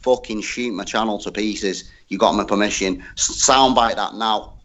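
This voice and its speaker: A man talking as a guest on a live chat panel, animated, slangy and full of swearing. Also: lowish voice, moderate pace. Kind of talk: casual chat.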